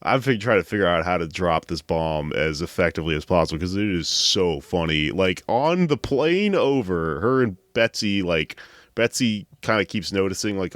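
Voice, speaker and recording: A man's voice: sits low, lively intonation, moderate pace, no room sound, studio quality. A man hosting a podcast, casually retelling a story in a rambling, amused way. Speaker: podcast host.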